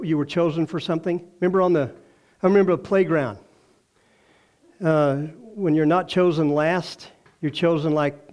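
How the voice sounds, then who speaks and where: An older man with a Texan drawl delivers a folksy sermon. His voice sits high for a man, and he breaks into playful acted voices and chuckles as he tells the story. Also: a little mellow. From Texas. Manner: folksy storytelling, acts out quoted voices, laughs often. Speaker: pastor.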